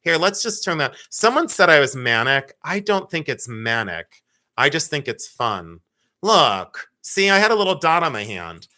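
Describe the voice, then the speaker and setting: A man with a bright, slightly high voice hosts a live jewelry sale in a loose, chatty way. He jokes, teases and laughs easily. He rambles a little as he greets viewers by name. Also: sing-song, normal speed. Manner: playful, joking, laughs often, teasing. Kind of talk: casual live-stream selling chat.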